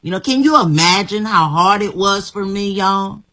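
A woman's voice: medium pitch, lively intonation, normal speed, bright, forceful tone, poor audio. A woman guest telling her life story in an emphatic, repetitive, motivational way. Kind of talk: inspirational personal story.

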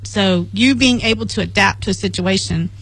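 A woman's voice: mid-range voice, normal speed, vocal fry, no room sound, low-quality recording. Middle-aged woman telling stories. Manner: rambling, warm storytelling, laughs often. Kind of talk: casual church group chat.

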